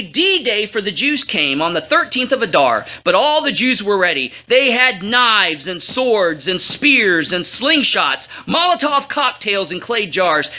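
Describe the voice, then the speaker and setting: A man telling a holiday story as comedy, animated and jokey, cheering and booing the characters. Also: high-pitched. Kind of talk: comic retelling of a holiday story.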